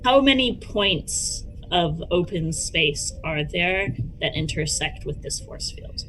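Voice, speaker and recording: A woman's voice: on the low side, lively intonation, slow pace, a bit bright, a little hiss or hum, rough recording. A woman playing a lieutenant in a tabletop game, hesitant and questioning. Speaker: player as lieutenant. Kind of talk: tabletop role-play.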